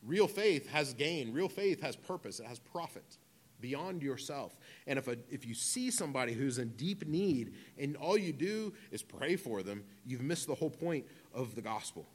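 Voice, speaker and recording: A man's voice: medium pitch, sing-song, normal speed. A man in his thirties preaching a conversational sermon, with humorous asides and casual phrasing. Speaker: pastor.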